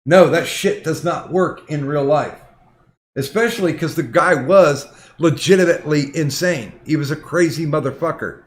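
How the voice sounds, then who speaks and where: A man's voice: on the high side, normal speed. A man hosting a casual podcast, retelling a story in a heated, profane way with lots of restarts. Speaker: podcast host.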